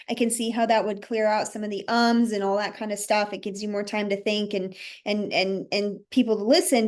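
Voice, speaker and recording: A woman hosting a podcast, chatting with fillers like "like" and "you know". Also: on the high side. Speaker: podcast host. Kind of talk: conversational podcast talk.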